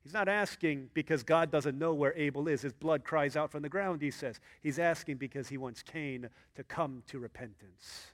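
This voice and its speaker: A man preaching a sermon as pastor, acting out Bible characters in an excited voice and dropping low and hushed for earnest points. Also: moderate pace, hardly any pauses. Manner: animated, acts out Bible characters in a high excited voice.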